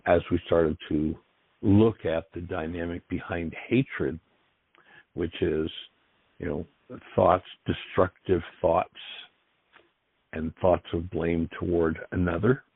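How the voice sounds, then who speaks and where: A man's voice: deep voice, creaky, breathy edge, no echo. A man hosting a call-in radio show, talking in an earnest, encouraging and reflective way. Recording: dry, tinny phone-like line.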